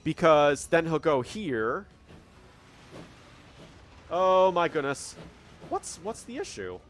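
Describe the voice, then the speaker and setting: A man's voice: on the high side, very animated, takes it slowly, fairly bright tone, soft background music. A man giving casual commentary on his own train-building game, thinking aloud and puzzling over problems as he plays. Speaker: gameplay commentator. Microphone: studio dynamic microphone.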